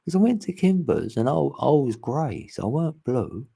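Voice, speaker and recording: A man's voice: mid-range voice, big pitch swings, moderate pace, vocal fry, dark tone, husky. A man hosting an online group chat, rambling casually and laughing often.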